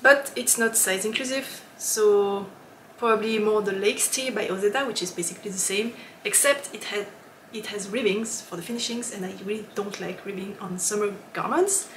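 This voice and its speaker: A woman's voice: medium pitch, normal speed, few pauses, fairly bright tone, roomy sound. Woman podcast host, casual chat, giggly and rambling, mid-range voice, faint background hiss. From lives in Switzerland. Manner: chatty and giggly, with frequent ums and laughs.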